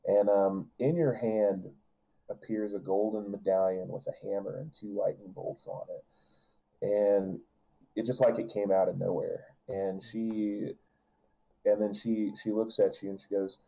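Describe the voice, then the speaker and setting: A man's voice: lowish voice, fairly even intonation, measured pace, vocal fry, long pauses, warm tone, poor audio. A man narrating a tabletop game as game master, rambling with restarts and filler words.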